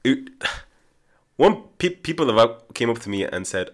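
A young man in casual podcast chat, relaxed and thoughtful, full of fillers. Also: mid-range voice, a little slow.

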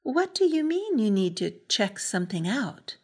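A woman reading a storybook aloud, voicing a calm mother who asks quiet, measured questions. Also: on the high side. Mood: questioning.

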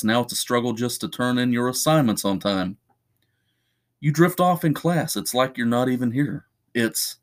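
A man's voice: medium pitch, lightly acted. A man reading the part of a stern, frustrated woman professor who lectures pointedly, in an audiobook story.

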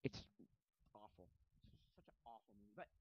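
A man rambling through a casual movie recap at his computer, full of fillers and animated asides. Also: fairly low pitch, moderate pace, breathy edge, dry recording. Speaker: movie vlogger. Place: home desk at a computer. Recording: dull lo-fi audio, dry.

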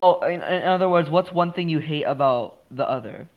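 A woman's voice: sits low, normal speed, phone-quality sound. A young woman in casual chat with a friend, asking the questions in a playful, chatty way.

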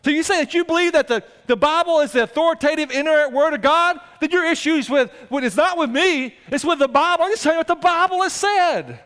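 A male pastor preaching a conversational sermon, swinging between loud exclamations and quiet asides. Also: very high-pitched, quick pace, few pauses.

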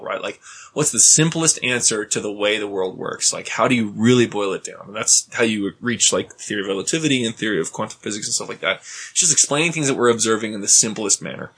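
Talky male podcast co-host, long rambling explanations, bright and slightly husky. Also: lowish voice. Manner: rambling, explains at length, fills with "like" and "right?". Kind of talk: casual chat.

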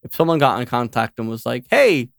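A man's voice: medium pitch, quick pace, creaky, smooth, no echo, studio quality. A man with an Irish accent hosting a podcast, chatting in an upbeat, eager way and often repeating his agreement. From Ireland. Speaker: podcast host. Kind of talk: casual chat.

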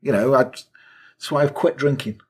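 Husky man telling crude true-crime jokes. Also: medium pitch, a little slow. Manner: crude, jokey, sarcastic asides. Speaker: podcast co-host. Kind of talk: casual comedic true-crime storytelling.

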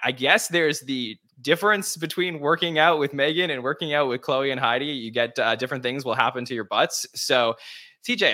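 A man's voice: medium pitch, bright, forceful tone. A man hosting a podcast roundtable, easygoing, steering the talk and passing questions to panelists. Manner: easygoing, moves the discussion along. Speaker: podcast host. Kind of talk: casual chat.

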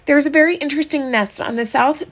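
A woman's voice: fairly high pitch, a little slow. Woman doing a bossy, eager schoolgirl. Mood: gushing, loud. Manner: eager, excitable, takes charge. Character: bold clever schoolgirl, quick and bossy.

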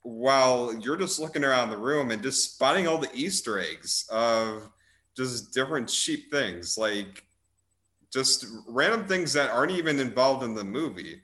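A man's voice: mid-range voice, expressive, normal speed, sharp tone. A young man casually chatting about movies as a host, rambling and amused, with frequent restarts and filler words. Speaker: podcast host reviewing movies. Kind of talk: casual chat.

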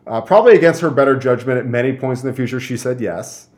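Young man, guest, rambling storyteller, lots of fillers, mid-pitched voice. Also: fast talker, darkish tone. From Michigan. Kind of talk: casual interview chat.

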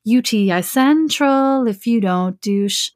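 A woman's voice: fairly high pitch, animated, slow pace, no echo, clean studio sound. A woman podcast host reading an erotic story aloud and breaking off into joking asides.

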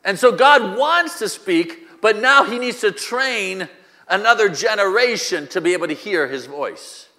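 A man's voice: sits high, lively intonation, measured pace, sharp tone, long reverb tail. A male pastor preaching a sermon, using rhetorical questions and repetition, recorded in a church.

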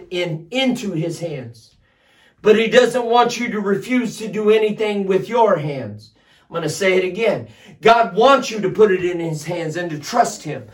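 A man pastor preaching a sermon, building to loud shouted emphasis on repeated lines. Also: sits high, far from the mic. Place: streamed service addressed to home viewers.

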